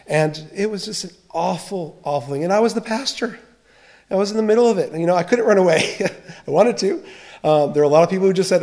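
A man's voice: sits high, animated, fast, darkish tone. Candid middle-aged male pastor preaching. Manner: candid and confessional, with frequent restarts and short laughs. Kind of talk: sermon with personal testimony.

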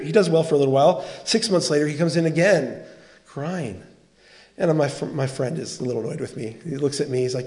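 A man preaching a sermon as pastor, earnest and animated, acting out quoted dialogue as he tells a story. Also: a little high, fairly quick.

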